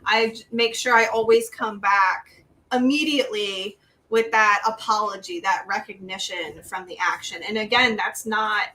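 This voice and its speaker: A young woman co-hosting a live stream talk show, telling a story in an animated way and laughing often. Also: mid-range voice, normal speed. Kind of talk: casual conversational chat. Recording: distant mic, faint room noise.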